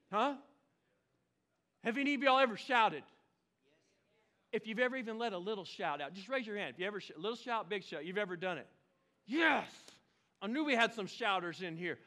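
High, bright-voiced energetic pastor. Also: male voice, normal speed, long pauses. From Oklahoma. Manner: energetic, exclamatory preaching with playful asides. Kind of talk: sermon.

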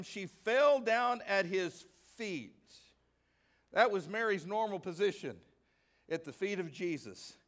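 A male pastor from the American South preaching a sermon. He reads scripture at length and asks the congregation questions that he then answers himself. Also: high-pitched. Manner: reads scripture aloud at length, slowing on key words; bursts into excitement.

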